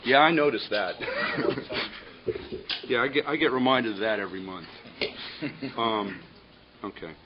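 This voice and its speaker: A man moderating a panel before an audience, telling a joke and introducing speakers in a relaxed, halting way. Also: on the low side. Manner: relaxed, with frequent ums and restarts. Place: conference room with an audience. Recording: dull lo-fi audio with faint hiss.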